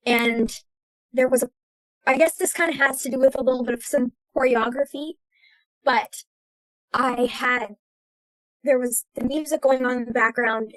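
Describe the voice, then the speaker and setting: High-voiced young American woman. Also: no room sound, low-quality recording. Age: young adult. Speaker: guest actress. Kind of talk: casual interview.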